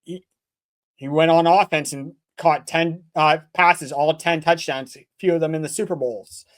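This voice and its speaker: A man's voice: a little high, fairly even intonation, normal speed. A man co-hosting a sports podcast, earnestly driving home his points by repeating them. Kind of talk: casual sports talk.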